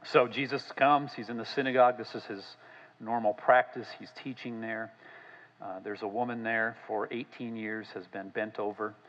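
Low-voiced guy pastor preaching, chatty with lots of fillers, kinda muffled sound. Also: steady tone, big-room sound. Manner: conversational preaching with many fillers, rising emphatic on scripture; quiet, halting prayer. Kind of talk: sermon.

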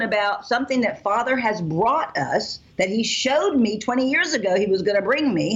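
A woman's voice: on the high side, expressive, moderate pace, few pauses, breathy edge. Gushing woman on a phone call. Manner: gushing, emotional, rambling. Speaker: mother promoting a health product.

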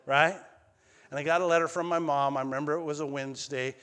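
A male pastor telling a personal story in a sermon, swinging between loud calls and hushed lines. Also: on the high side, fairly even intonation, fast, big-room sound. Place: church sanctuary.

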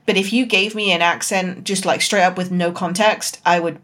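A woman's voice: lowish voice, fairly even intonation, moderate pace, fairly bright tone. A woman from outside the USA co-hosting a book podcast, chatty and self-deprecating, laughing often. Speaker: podcast co-host. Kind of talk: casual book-discussion chat.

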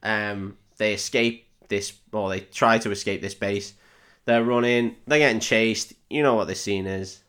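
A man's voice: lowish voice, fairly even intonation, measured pace, hardly any pauses, a bit bright, smooth. Sweary man recapping a film. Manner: sweary, jokey, acts out characters in mocking voices. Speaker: podcast host. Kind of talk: casual chat recapping a film.

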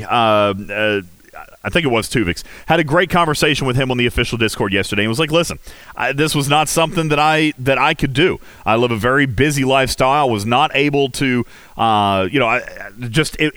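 A man hosting a casual game livestream, talking in an animated, rhetorical way with many fillers. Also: mid-range voice, no echo. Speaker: livestream host. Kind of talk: casual game commentary chat.

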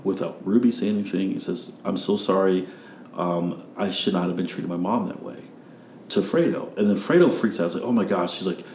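Low-voiced man, rambling storyteller. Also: mellow, roomy sound, slight background noise. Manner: rambling storyteller, acts out quotes. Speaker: podcast host. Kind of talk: casual podcast chat.

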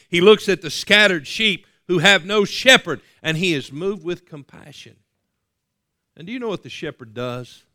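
Male pastor, sermon, bright forceful voice, dry close sound, rising and falling intensity. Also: a little high, dry recording. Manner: dramatic preaching with swells and hushed drops.

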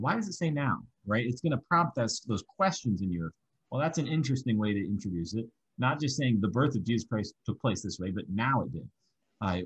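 A man's voice: mid-range voice, breathy edge, highs cut off. A man teaching a Bible study method, explaining step by step and working through examples.

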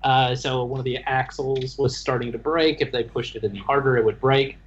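A man, the dungeon master, chatting about his tabletop game session in a halting, restarting way. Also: medium pitch, fairly even intonation, slight background noise. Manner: halting, stumbling restarts, laughs while telling. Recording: dull lo-fi sound.

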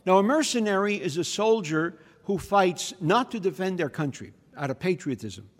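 A man giving a conversational teaching homily, often pausing to check in with his listeners. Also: sits high, expressive. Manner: conversational, checks in with the audience by asking "okay?" and "hmm?". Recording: reverberant hall.

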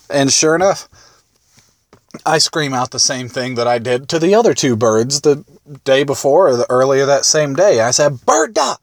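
A man's voice: mid-range voice, no room sound, studio quality. A man telling a rambling, self-amused anecdote casually, with restarts and chuckles. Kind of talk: casual storytelling.

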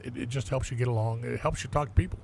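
A man's voice: medium pitch, fast talker, creaky, darkish tone, a little hiss or hum. An older man, a former police detective, telling blunt, profane stories in a casual interview and acting out the dialogue.

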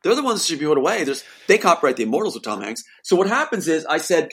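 A man's voice: on the high side, very animated, fast talker, fairly bright tone, husky. A man, the guest, telling an emotional personal account in an insistent voice that rises to pleading outbursts.

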